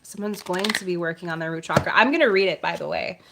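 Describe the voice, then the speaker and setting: A woman reading oracle card messages on a live stream and chatting with viewers, soft-spoken and meandering, with plenty of filler words. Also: lowish voice, vocal fry, noisy background. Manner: reads card messages aloud in a gentle measured tone.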